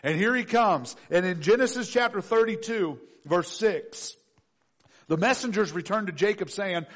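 High-voiced pastor telling a story. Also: male voice, normal speed. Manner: animated, conversational, asks the audience questions. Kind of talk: storytelling sermon.

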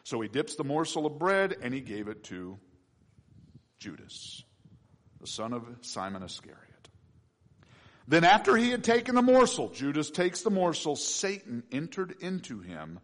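A man preaching a sermon with emphatic delivery and sudden loud peaks. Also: on the high side, big pitch swings, measured pace. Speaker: pastor.

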